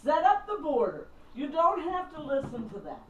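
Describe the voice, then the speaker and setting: A middle-aged woman, a minister and counselor, gives a small group a casual, blunt, candid teaching talk and acts out phone calls. Her voice is high with huge swings in pitch at a normal speed. The mic is distant in a roomy space, with faint background noise.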